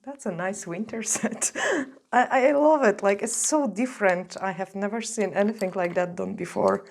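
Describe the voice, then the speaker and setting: A woman's voice: medium pitch, normal speed, vocal fry, darkish tone. A woman nail artist talking through a tutorial in a chatty, gushing way, full of fillers, while she is losing her voice. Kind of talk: casual tutorial narration while working.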